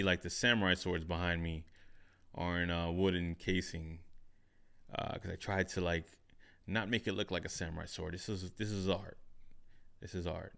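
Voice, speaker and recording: A man hosting his own podcast, talking it through in a relaxed solo chat from his home studio and often repeating himself with a questioning "right?". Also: low-pitched, vocal fry. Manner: reflective, repeats phrases, frequent "right?". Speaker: podcast host. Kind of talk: solo casual talk. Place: home studio with curtains behind. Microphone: studio microphone on overhead stand.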